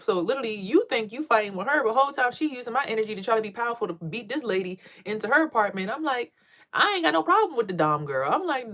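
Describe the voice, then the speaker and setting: Woman, vlog storytelling, animated and profane, high-pitched quotes. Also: fairly quick. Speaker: vlogger and tarot reader.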